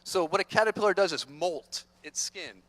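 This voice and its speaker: Playful, energetic male motivational speaker. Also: high voice, normal speed. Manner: energetic, playful, teases the audience. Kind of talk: motivational talk to students. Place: large conference hall.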